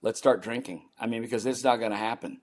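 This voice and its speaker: An older man tells personal stories as a podcast guest, lively and expressive. He slips into the voices of the people he talks about, then drops back to his own middle-pitched voice. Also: quick pace. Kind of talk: storytelling in a podcast interview.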